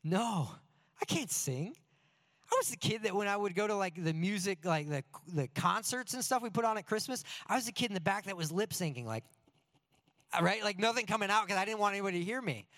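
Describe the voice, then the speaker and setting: A man preaching a sermon through personal stories, in an earnest, animated and self-deprecating way. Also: high-pitched, fast.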